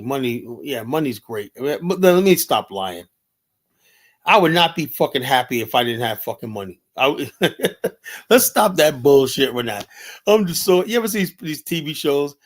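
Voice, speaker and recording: Middle-aged male streamer, mid-range voice, rambling profane rants, leans on "you know" constantly. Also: mid-range voice. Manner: blunt and heated. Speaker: livestream host. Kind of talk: unscripted livestream commentary.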